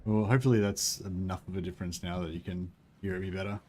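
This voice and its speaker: Australian male streamer, low-ish voice, quiet and tired, mumbly casual chat on a desk mic. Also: fairly even intonation, fast talker. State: tired and sore. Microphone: desk-stand microphone behind keyboard.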